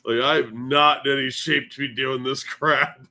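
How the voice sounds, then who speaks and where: A man's voice: medium pitch, fairly even intonation, normal speed, pushed and bright. A man co-hosting a casual morning stream, talking in a sleepy, self-deprecating way and swearing freely. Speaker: podcast co-host.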